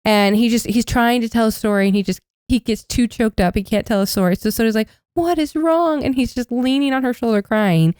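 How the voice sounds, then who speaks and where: Woman co-host, casual chat, smooth voice, acts out quotes, dry recording. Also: fairly high pitch, a little fast, hardly any pauses, no echo. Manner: animated storytelling, acts out quotes. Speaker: podcast co-host.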